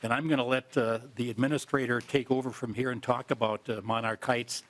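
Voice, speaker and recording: A man, a legislator, presents his bill to a committee in a plain, halting way. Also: mid-range voice, steady tone. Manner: plain, halting, many fillers.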